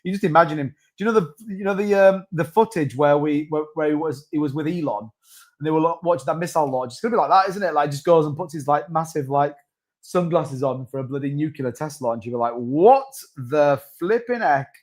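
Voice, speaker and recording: A man's voice: fairly high pitch, quick pace. A man hosting a casual crypto live stream, rambling and reading out viewer comments.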